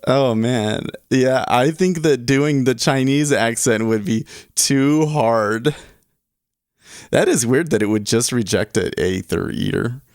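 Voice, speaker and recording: Male streamer, mid-pitched, casual and rambling, dry close mic. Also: slow pace, smooth, no echo. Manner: rambling, chuckling, reads chat aloud. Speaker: day trading livestream host. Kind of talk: casual livestream chat.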